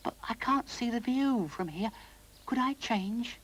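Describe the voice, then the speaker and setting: A man's voice: animated, measured pace, fairly bright tone, full character voice, rough recording. Noddy, a timid little toy boy. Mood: eager. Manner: high, meek and apologetic.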